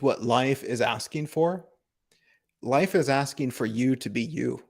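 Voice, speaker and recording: Male spiritual teacher, unhurried and gravelly, even-toned, contemplative live-stream host. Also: mid-range voice. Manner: calm, contemplative, asks rhetorical questions, laughs softly. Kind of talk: slow reflective spiritual talk.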